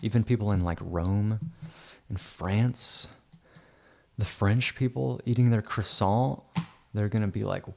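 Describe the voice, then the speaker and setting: A man's voice: lowish voice, takes it slowly, gravelly, long pauses, a little mellow. A man giving livestream commentary while editing photos, muttering to himself and breaking into sarcastic teasing rants. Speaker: photo editor streaming live.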